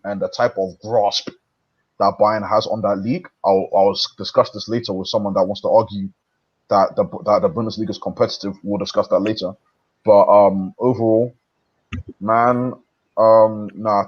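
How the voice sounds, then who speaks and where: Low-voiced man with a dull, lo-fi sound. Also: flat delivery. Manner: thoughtful, halting, many fillers. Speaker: football stream co-host. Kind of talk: casual football analysis.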